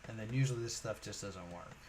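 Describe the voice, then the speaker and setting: A man's voice: on the low side, quick pace, background noise. A man streaming a puzzle game, thinking aloud in a musing, hesitant way with many fillers.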